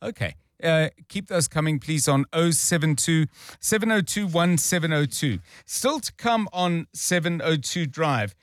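A man's voice: a little high, animated, a little slow, no room sound. Picture a man hosting drive-time talk radio, speaking plainly and conversationally into a studio mic. His voice sits mid-range, and the sound is close and dry. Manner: conversational, explains news plainly. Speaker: radio talk show host. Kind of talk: live talk radio, taking calls and previewing news. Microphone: studio microphone.

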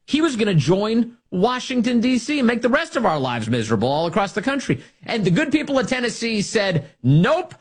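A man's voice: high-pitched, sing-song, fairly quick, few pauses, husky. A man hosting a talk radio show, delivering a sarcastic, mocking monologue and laughing at his own jokes.

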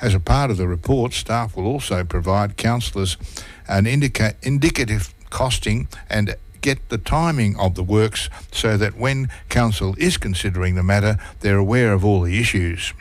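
A man's voice: fairly low pitch, normal speed. A man reading local newspaper articles aloud on radio, stumbling and restarting words now and then.

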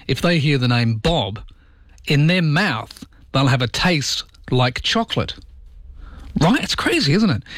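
A man hosts a radio show from a dry, close-miked studio. His pitch sits in the middle of the range, and his talk is chatty and animated. He keeps throwing rhetorical questions to his listeners. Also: dry recording. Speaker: radio host. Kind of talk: casual talk radio chat. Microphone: studio microphone.

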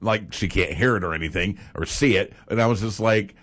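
A man's voice: lowish voice, a little fast, a bit bright. A man co-hosting a morning radio show, telling stories with animation, teasing his co-host and laughing often. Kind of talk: casual on-air chat. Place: radio studio.

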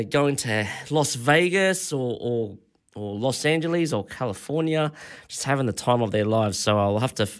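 An Australian man in his forties, a radio host telling rambling travel stories in a casual on-air monologue. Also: mid-range voice. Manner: rambling anecdotal storytelling.

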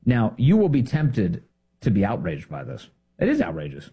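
A man hosting a political commentary show, talking in an indignant, emphatic way with sudden jumps in pitch. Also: big pitch swings, normal speed, vocal fry, mellow, breathy edge.

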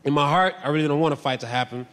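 A young adult man doing stand-up, telling self-mocking stories loudly and acting out voices. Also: on the high side, racing, a little hiss or hum. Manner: loud, animated, self-mocking, acts out voices. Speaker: stand-up comedian. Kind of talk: stand-up storytelling. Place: stage in a large hall. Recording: live hall with long reverb.

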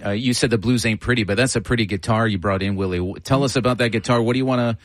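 Radio host asking halting questions. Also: male voice, on the low side, no echo. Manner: plain, halting questions with restarts. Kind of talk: radio interview. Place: radio studio.

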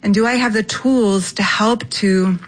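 A woman's voice: medium pitch, steady tone, unhurried, rough recording. Earnest woman explaining on radio. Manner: earnest, explanatory, often ends points with "right?". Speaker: guest expert. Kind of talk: radio interview.

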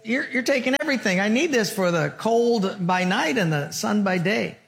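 A man preaching voices a young male shepherd who protests, pleads and gives in, his voice climbing high when he complains. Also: animated, normal speed, gravelly, fairly bright tone, exaggerated voice. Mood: protesting. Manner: whiny, protesting, rising to high exasperation.

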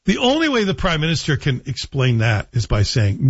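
A man's voice: fairly high pitch, sing-song, fairly quick, hardly any pauses, husky, no room sound, highs cut off. A man giving a sardonic political commentary monologue, firing rhetorical questions at the listener. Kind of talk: opinionated monologue.

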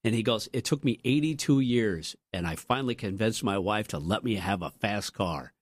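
Animated male radio co-host telling stories. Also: normal speed. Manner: animated, jumps up in pitch for quoted lines. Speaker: radio morning show co-host. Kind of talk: casual storytelling chat. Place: radio studio.

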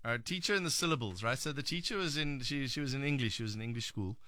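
A man's voice: medium pitch, quick pace, a crowd in the background. A man hosting a radio talk show, chatting casually with callers and telling jokey stories. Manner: jokey storyteller, reads messages aloud.

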